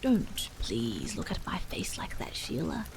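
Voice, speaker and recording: A woman voicing a weary, disfigured middle-aged husband in whispered role-play, hushed and dull. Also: extremely low pitch, huge pitch swings, a little slow, creaky, background noise, voice pushed down, exaggerated voice.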